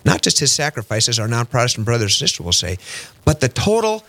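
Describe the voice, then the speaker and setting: A male radio host talks through a teaching segment in a lively, sing-song way, his pitch leaping as he mimics the people in his story. He keeps throwing rhetorical questions at his listeners. His voice sits at an ordinary middle pitch. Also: quick pace. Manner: animated storytelling, acts out quoted voices with big pitch jumps. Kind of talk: radio faith talk, catechetical teaching. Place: radio studio.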